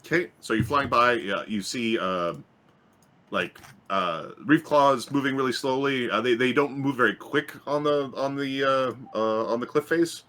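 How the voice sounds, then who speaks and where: A man running a tabletop game as game master, describing scenes in a halting way with many fillers and restarts. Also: medium pitch, sharp tone.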